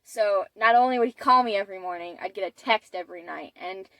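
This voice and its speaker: A woman's voice: medium pitch, quick pace, a bit bright, no echo, low-quality recording. Young woman around 20 rambling through a story to camera, lots of ums, dry close sound. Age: about 20. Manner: chatty, many fillers and restarts, laughs often. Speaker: vlogger. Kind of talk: casual storytelling.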